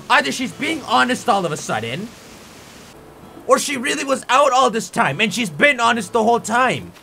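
A young man giving casual gameplay commentary, ranting in an animated, theatrically angry way. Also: extremely high pitch, normal speed, creaky. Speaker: gaming YouTuber. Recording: faint music behind.

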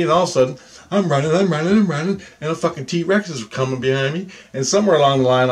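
Man of mid pitch, rambling storyteller; swears constantly, mutters then bursts out, repeats himself. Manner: rambling, profanity-heavy, swings between muttering and excited outbursts; restarts and repeats himself often. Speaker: vlogger recounting personal experiences. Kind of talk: casual storytelling monologue.

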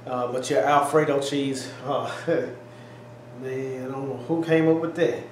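Excitable man, echoey kitchen. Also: mid-range voice, measured pace, slight background noise. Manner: excitable, exclaiming, folksy. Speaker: cooking channel co-host. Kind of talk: casual taste-test chat. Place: home kitchen. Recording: echoey kitchen, faint ambience.

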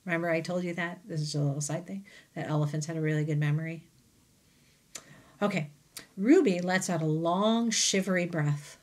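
A woman teacher reads a children's novel aloud, slipping easily between the story and casual asides to her students. Her voice sits on the lower side for a woman, and her manner is gentle and chatty. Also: moderate pace.

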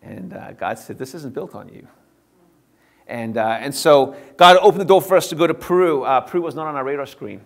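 A man's voice: fairly high pitch, fairly quick, vocal fry. Earnest middle-aged pastor telling his story. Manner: earnest storytelling, swings from animated to hushed. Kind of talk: personal testimony to a church.

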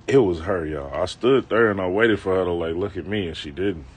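Slangy low-voiced man spinning a street story. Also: brisk, slightly rough. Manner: loose, slangy, self-mocking, with asides to viewers. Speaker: comedic vlogger telling a story. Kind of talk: casual storytelling to a live-stream audience. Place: outdoors on a city street.

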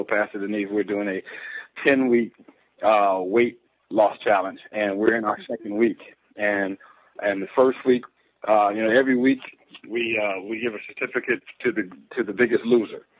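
Emphatic pastor on a phone call. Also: male voice, fairly low pitch, fairly even intonation, normal speed, dry recording. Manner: emphatic, preacher-like exhortation. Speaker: pastor and business partner. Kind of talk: motivational sales talk.

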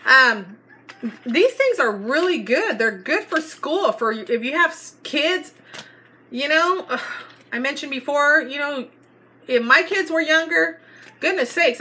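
A woman's voice: on the high side, pushed and bright. A middle-aged woman, chatting and gushing as she shows a store haul in a casual vlog. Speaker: haul vlogger.

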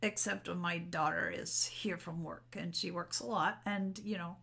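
Gravelly-voiced woman rambling candidly. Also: lowish voice, fairly even intonation, moderate pace, a bit bright. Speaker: spiritual vlogger. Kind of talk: unscripted solo talk to camera. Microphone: camera mic.

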